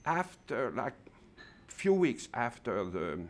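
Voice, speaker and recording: Slow, halting man with a lively pitch. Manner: halting, many fillers, emphatic. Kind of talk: interview commentary.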